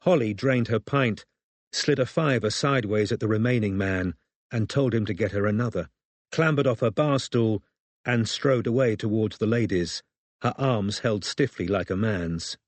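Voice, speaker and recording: A man reading a crime novel aloud as audiobook narrator, in measured scripted narration. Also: lowish voice, dry recording.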